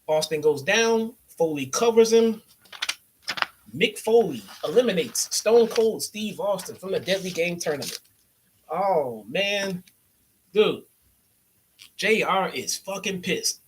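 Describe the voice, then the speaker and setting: A man's voice: sits high, animated, slow pace, a little hiss or hum. A young adult man from the Chicago area giving a loose, sarcastic and profane wrestling review. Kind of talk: casual profane recap.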